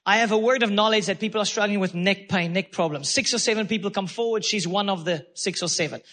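A man's voice: high-pitched, fast talker, bright, forceful tone. A man preaching a sermon as pastor, fervent and repetitive, calling out praise between points. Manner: fervent preaching with repeated phrases and exclamations.

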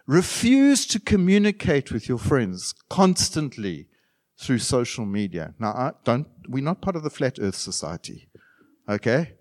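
A middle-aged man preaching a sermon as pastor, animated, with sudden loud bursts and quiet asides. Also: mid-range voice, unhurried.

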